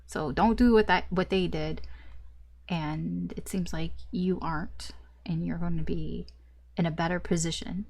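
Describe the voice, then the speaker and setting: A woman's voice: lowish voice, steady tone, a little slow, darkish tone, no room sound. A woman tarot reader talking through a casual, rambling reading, often laughing at herself.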